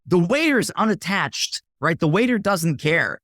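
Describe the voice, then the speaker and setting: A man as a podcast guest explaining sales in an animated way, acting out what buyers and waiters say and often adding "right?". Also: high-pitched, measured pace, no echo, studio quality. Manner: punchy teaching tone, often tags lines with "right?". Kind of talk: casual interview talk.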